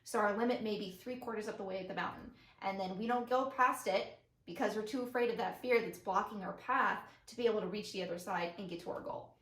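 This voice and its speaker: A young woman co-hosting a podcast, telling stories in an animated, expressive way. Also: medium pitch, fast. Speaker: podcast co-host, daughter. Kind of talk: casual chat. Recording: roomy echo.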